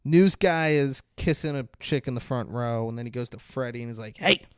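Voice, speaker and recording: A man co-hosting a podcast, casually and profanely retelling movie scenes in an animated way. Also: mid-range voice, a little fast, smooth, dry recording, clean studio sound. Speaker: podcast co-host. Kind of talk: casual movie review chat.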